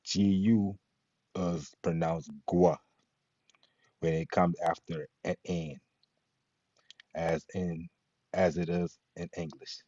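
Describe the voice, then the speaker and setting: Deep husky guy slowly going over latin letter sounds, dry dull lo-fi audio. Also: level tone, dark tone, dry recording. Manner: slow, patient, spells out sounds. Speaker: Latin teacher. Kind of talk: pronunciation lesson. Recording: dull lo-fi recording.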